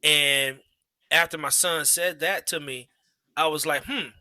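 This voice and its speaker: A man in his thirties, a father telling a story in a relaxed way during a casual podcast chat, with lots of fillers and restarts. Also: a little high, unhurried, dry recording.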